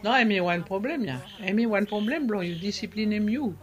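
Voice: mid-range voice, brisk, highs cut off. A nurse with a Ni-Vanuatu accent giving casual health advice and slipping French words into the talk.

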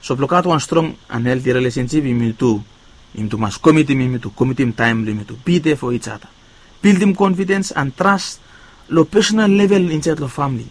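Man preaching a sermon. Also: brisk. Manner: emphatic rises on key words, phrase endings fading low and quiet.

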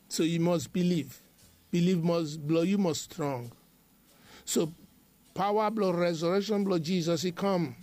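A man's voice: sits high, measured pace, a little mellow, no room sound. A man delivering a devotional sermon, emphatic and repetitive in a chanting preaching rhythm.

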